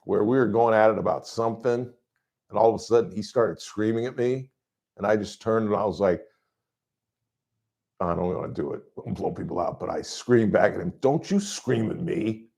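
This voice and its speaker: A middle-aged man hosting a call-in sports radio show in a studio, talking loudly and rambling through stories. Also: on the low side, moderate pace, gravelly. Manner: loud, rambling, animated storytelling.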